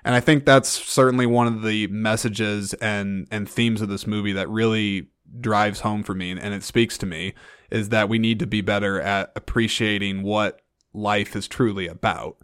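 A man with a fairly low voice hosts a solo film review podcast. He talks earnestly and rambles, stopping and restarting his sentences often. The recording is dry and close, with no room sound. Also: fairly even intonation, moderate pace, fairly bright tone, clean tone, no room sound. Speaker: podcast host.

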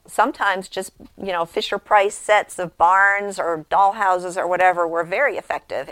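A middle-aged woman shares practical homeschooling advice in a relaxed, conversational way, moving easily between tips and small stories from her own family. Her voice sits at an ordinary pitch for a woman. The sound is close and dry, with no room echo. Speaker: homeschooling mother giving advice. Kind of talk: instructional talk.

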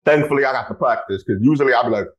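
A man in his twenties hosting a podcast, talking excitedly and casually with lots of exclamations. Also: medium pitch, racing, dull audio. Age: 20s. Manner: bubbly, animated, lots of exclamations. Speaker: podcast host.

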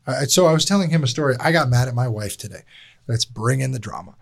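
A man's voice: medium pitch, lively intonation, quick pace, creaky, no room sound, studio quality. A man hosting a casual podcast chat, talking bluntly and candidly with plenty of swearing. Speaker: podcast host.

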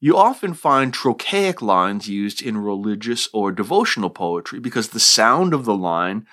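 Middle-aged male podcast lecturer, lowish bright voice, wry humor, scripted. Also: big pitch swings, moderate pace. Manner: wry asides, dry humor. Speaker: podcast host explaining poetry. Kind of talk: scripted educational podcast narration.

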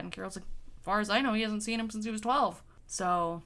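A woman co-hosting a podcast, walking through a TV plot in wry asides and quick character quotes. Her voice is bright and crisp at a middle pitch. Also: steady tone. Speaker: podcast co-host. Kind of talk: casual chat recapping a TV episode.

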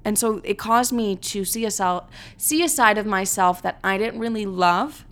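A woman's voice: mid-range voice, moderate pace, clean tone. Young woman, casual storytime, brash and profane, filler-heavy. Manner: blunt, profane, dramatic, full of "like".

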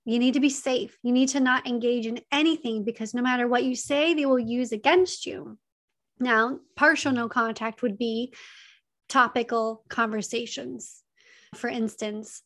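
Woman, advice talk to camera, earnest and chatty, repeats points, voice a touch high. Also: fairly even intonation, measured pace, fairly bright tone. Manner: earnest, repeats key points, conversational fillers. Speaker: advice speaker on emotional abuse.

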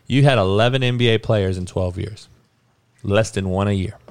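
A man's voice: on the low side, normal speed, darkish tone, clear, resonant tone, no room sound. A man giving a heated, profane and mocking sports rant as a podcast commentator.

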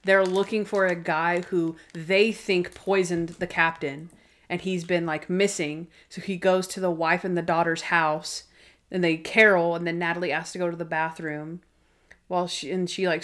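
A woman talks through TV episodes on her podcast in a loose, chatty way. She peppers everything with "like" and jumps between quick asides. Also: on the low side, flat delivery, fairly bright tone. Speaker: podcast co-host. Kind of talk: casual chat recapping TV episodes.

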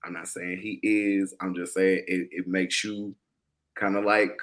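A man with a low voice talks in a relaxed, easygoing way during a casual chat. He hedges his points and chuckles as he goes. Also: a little slow. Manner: laid-back, hedging, chuckling. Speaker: podcast co-host.

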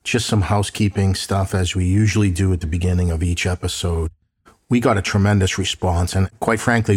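A man's voice: low-pitched, darkish tone. A middle-aged man hosting a true crime podcast in a chatty way, calling listeners guys, his voice slightly off from allergies. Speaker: podcast host and private investigator.

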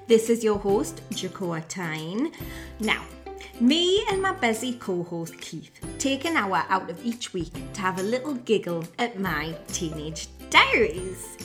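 A woman's voice: medium pitch, sing-song, unhurried, faint music behind. A woman hosting a podcast in casual, giggly banter. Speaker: podcast host. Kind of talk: casual chat.

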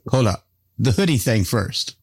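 A man hosts a veterans' podcast with blunt, profane humor. His voice sits at a middle pitch. The recording is dry and close. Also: sing-song, unhurried, gravelly, a little mellow, slightly rough, dry recording. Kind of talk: casual chat.

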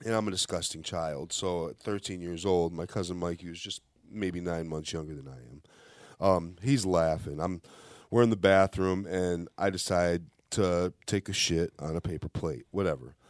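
A young man casually telling a childhood story to friends on a podcast, animated and laughing through the punchlines. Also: deep voice, moderate pace, hardly any pauses, no echo, clean studio sound.

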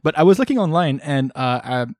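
A man's voice: on the high side, big pitch swings, fairly quick, darkish tone, no room sound, clean studio sound. A man co-hosting a casual chat, leading the talk with plenty of ums and uhs. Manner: hesitant, many fillers, sets up questions. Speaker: podcast co-host.

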